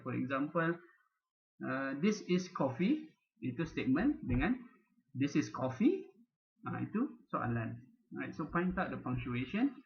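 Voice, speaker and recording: A young man with a Malaysian accent talks through a lecture in an easy, conversational way, moving between English and Malay. His voice sits a little high for a man. The recording is dull and lo-fi. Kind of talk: recorded lecture, code-switching.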